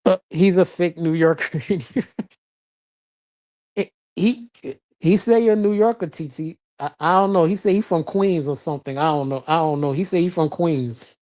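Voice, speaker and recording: This Florida-based live-stream host talks loosely and bluntly, laughing often as he reads and answers chat in casual commentary. His voice is medium-pitched with a darkish tone, and he speaks at a normal speed.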